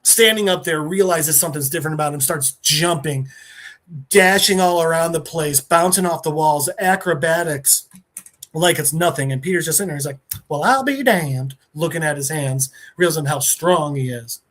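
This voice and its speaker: A man on a podcast, recapping a plot in a casual, animated way and briefly acting out the characters' lines. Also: fairly high pitch, moderate pace. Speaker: podcast co-host.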